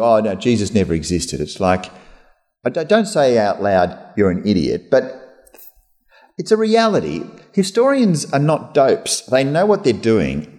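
A man preaching a conversational sermon as pastor, lively and chatty, slipping into mock voices. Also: on the low side. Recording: long hall reverb.

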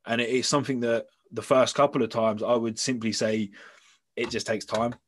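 Measured man explaining. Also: mid-range voice, flat delivery. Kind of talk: casual chat.

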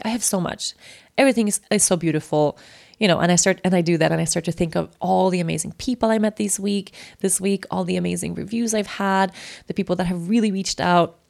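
Female host, lowish voice with some fry, candid and conversational story monologue. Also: a little mellow. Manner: candid, chatty, full of fillers. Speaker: podcast host.

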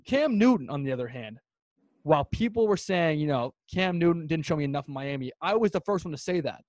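A man's voice: fairly high pitch, animated, brisk, darkish tone, dry recording. A man co-hosting a sports podcast in casual chat, emphatic and ranting, repeating his points for effect. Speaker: podcast co-host.

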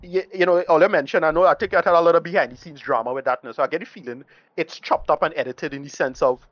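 Fast-talking blunt man ranting on a podcast. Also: a little high, no echo, dull audio. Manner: blunt, rambling, swears freely, uses Caribbean-style English. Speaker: co-host and film reviewer. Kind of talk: casual podcast film review.

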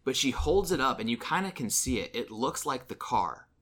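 A man's voice: medium pitch, sing-song, normal speed, fairly bright tone. A man co-hosting a podcast, casually retelling a horror movie scene with lots of ums and restarts. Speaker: podcast co-host. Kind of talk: casual movie recap chat.

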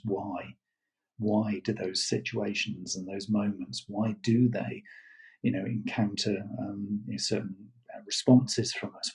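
A man's voice: on the low side, gravelly, a little mellow, slightly rough, low-quality recording. A man coaching listeners in a reflective, earnest talk, thoughtful and full of fillers. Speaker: self-development coach.

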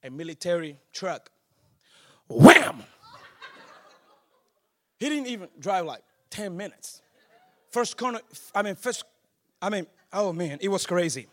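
A man preaching a sermon, telling a family story in a low, quiet voice and then rising into shouted exhortation. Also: animated, normal speed.

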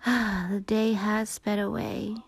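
Woman softly whispering slow prayers. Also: mid-range voice, flat delivery, vocal fry, husky. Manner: soft, hushed and unhurried.

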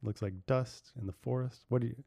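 A man hosting a casual podcast with his kids, playful and quick to laugh as he quizzes them. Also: mid-range voice, fairly even intonation, vocal fry, dark tone. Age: adult. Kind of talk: casual family podcast chat.

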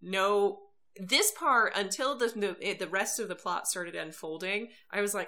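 A woman co-hosting a podcast, recapping a TV episode in animated casual storytelling, often laughing. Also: mid-range voice, measured pace. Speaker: podcast co-host.

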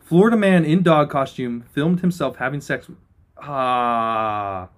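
A man's voice: fairly high pitch, animated, fairly quick. A young man co-hosting a casual podcast, laughing a lot and reading odd news headlines aloud. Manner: laughing, playful, reads news items aloud. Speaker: podcast co-host.

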